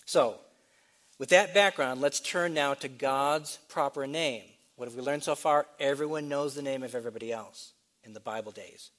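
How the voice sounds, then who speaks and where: A man's voice: mid-range voice, normal speed, a bit bright. Guy preaching a teaching sermon, explains step by step, asks the crowd then answers himself. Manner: explanatory, spells out letters, asks and answers questions. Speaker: pastor.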